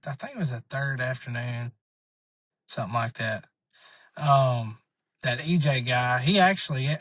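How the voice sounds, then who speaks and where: Guy telling a hunting trip story, kinda high voice, rambles, dry close sound. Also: no room sound. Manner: rambling, animated, acts out quoted voices. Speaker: podcast guest. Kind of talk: casual storytelling.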